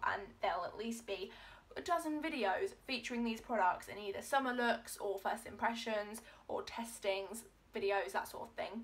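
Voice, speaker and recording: Gushing young woman vlogger. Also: on the high side. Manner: gushing, gasping, lots of "oh my god". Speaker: beauty vlogger. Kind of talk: excited unboxing vlog.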